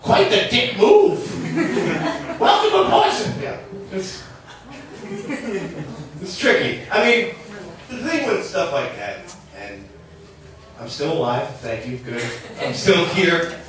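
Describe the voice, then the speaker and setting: A man's voice: high-pitched, sing-song, takes it slowly, pauses often, crowd noise. A young man from southern Minnesota doing a chatty stand-up set on a bar stage. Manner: conversational, chatty with many likes and rights. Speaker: stand-up comedian. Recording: echoey bar recorded from a distance.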